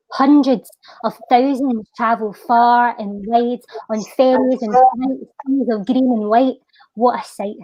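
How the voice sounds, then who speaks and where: A woman's voice: fairly high pitch, darkish tone, no echo, rough recording. A woman with a Scottish accent performing a heartfelt spoken word poem and then chatting casually as a guest. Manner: lilting, heartfelt, slows down for the poem's refrain. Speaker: guest poet. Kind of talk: spoken word poetry recital and casual chat.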